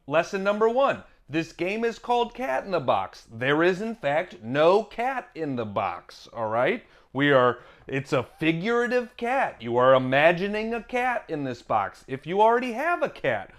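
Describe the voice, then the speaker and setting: A man's voice: a little high, a bit bright. A man hosting a board game unboxing, off the cuff and playful, with goofy asides.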